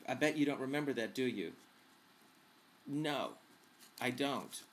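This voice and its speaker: Vlog host, male, mid-pitched, campy and quick with a joke, answering viewer questions casually. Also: lively intonation. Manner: chatty, campy and wisecracking.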